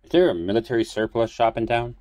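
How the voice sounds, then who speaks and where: A man's voice: mid-range voice, expressive, fast, mellow, no room sound, clean studio sound, pitched above the performer's own voice, lightly acted. A man reading an audiobook, voicing an impulsive young man who curses under his breath. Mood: wry. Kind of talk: audiobook character voice.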